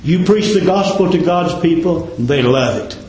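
Man preaching, fiery rises and hushed drops, slightly high voice, roomy church sound. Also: expressive, normal speed, dull audio, slight background noise. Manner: fervent, rising to high emphatic peaks and dropping to low quiet endings. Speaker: pastor. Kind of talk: sermon.

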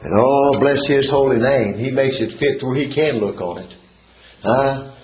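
With a crowd in the background, a man with a mid-range voice preaches a little slowly, reading scripture and unpacking it verse by verse. His sermon features fervent, sing-song exclamations, heard through a dull, echoey church recording.

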